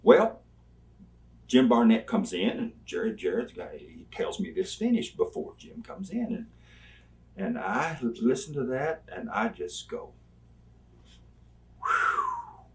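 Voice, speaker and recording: A man's voice: medium pitch, moderate pace. An older man, an interview guest, telling rambling stories and acting out the people in them. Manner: rambling, animated, acts out quoted people. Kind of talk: storytelling. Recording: voice somewhat distant from mic.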